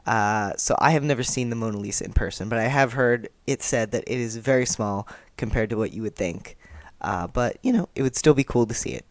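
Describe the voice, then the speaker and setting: A man's voice: mid-range voice, brisk, no echo. A young man reading a comic aloud and chatting his reactions, laughing often. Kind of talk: casual read-along reaction.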